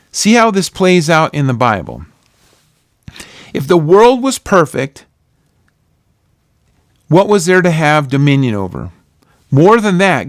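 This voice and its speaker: A man's voice: fairly high pitch, no room sound. Earnest man teaching the Bible, dry sound.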